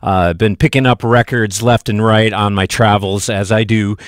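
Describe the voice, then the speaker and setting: A man's voice: on the low side, normal speed, no room sound. A man hosting a live jazz radio show, chatting casually with lots of fillers and asking listeners for donations. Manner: relaxed, chatty, loose with fillers. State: a bit out of breath. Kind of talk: live radio DJ patter and pledge drive. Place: radio studio.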